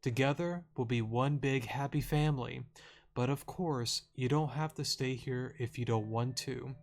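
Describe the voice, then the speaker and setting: A man reading the lines of a kind, grieving mother from a video game in a slow, plain voice. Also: medium pitch, lightly acted. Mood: gentle. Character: kind grieving mother, adult woman, gentle and earnest.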